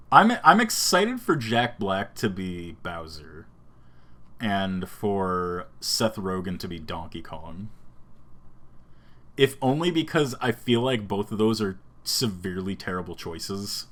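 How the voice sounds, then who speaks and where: A man co-hosting a casual streamed podcast, rambling and animated, often slipping into quick voice impressions. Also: deep voice. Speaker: podcast co-host. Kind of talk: casual chat. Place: home streaming setup.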